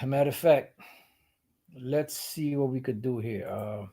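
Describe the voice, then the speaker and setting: A man's voice: mid-range voice, measured pace, vocal fry, dark tone. A man teaching the Bible while sharing his screen, explaining step by step and often repeating and restarting his phrases.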